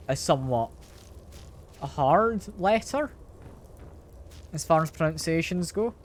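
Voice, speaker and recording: Lively man chatting to stream. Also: on the high side, slight background noise. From Britain. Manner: chatty, talks to chat, playfully defensive. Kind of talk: casual live-stream gaming chat.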